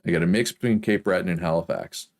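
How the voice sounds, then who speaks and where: Talking fast in a deep voice, this gaming streamer from Prince Edward Island has a strong East Coast Canadian accent. He rambles and chats casually as he plays, laughing frequently.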